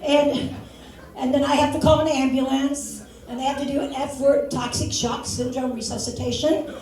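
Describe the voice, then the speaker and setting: An older woman works a comedy stage with a fairly high voice. She tells stories and acts out voices and sound effects. The echoey recording catches her from a distance, like a mic some way off in the room. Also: flat delivery, moderate pace, a little mellow. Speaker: stand-up comic. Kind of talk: stand-up comedy set.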